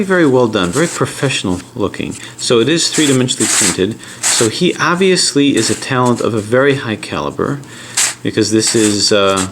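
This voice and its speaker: A middle-aged American man hosts a puzzle channel, chatting casually as he explains and unboxes puzzles, talking the whole time he handles them. His voice is mid-range, with background noise in the recording.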